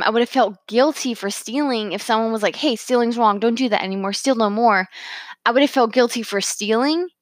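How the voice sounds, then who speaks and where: A woman's voice: medium pitch, dry recording. Chatty woman with a dry close sound. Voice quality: chatty, many fillers, quoting herself in asides. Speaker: speaker reflecting on a Bible verse. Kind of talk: casual personal talk.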